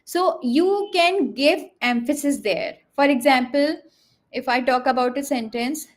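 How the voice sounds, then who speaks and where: High-voiced woman explaining communication tips. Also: measured pace. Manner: explanatory, frequent fillers, demonstrates intonation. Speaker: communication trainer guest. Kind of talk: panel discussion explanation.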